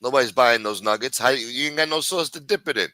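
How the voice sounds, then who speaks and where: A man's voice: medium pitch, fast, bright, forceful tone, no room sound. A man hosting a late-night livestream, chatting with viewers in a sing-song voice and full of crude joking banter. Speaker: livestream host.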